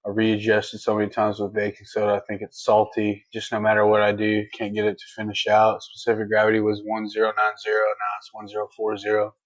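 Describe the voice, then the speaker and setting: A livestream co-host with a lowish, monotone voice reads viewer comments a little quickly, barely pausing, in a casual, folksy chat. He's laid-back and quick to laugh. The audio is poor, with no room sound.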